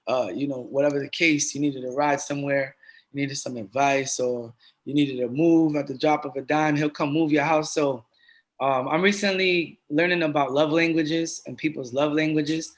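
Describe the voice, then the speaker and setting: A middle-aged man talking earnestly and casually as a podcast guest, streetwise and given to repeating himself. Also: on the high side. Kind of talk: casual conversation.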